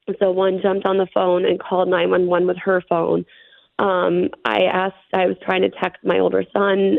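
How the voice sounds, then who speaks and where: A woman's voice: lowish voice, vocal fry, no room sound. A middle-aged woman, an interview guest, earnestly recounting a personal ordeal with many fillers. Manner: earnest, rushed storytelling with fillers. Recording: dry, thin phone-line sound.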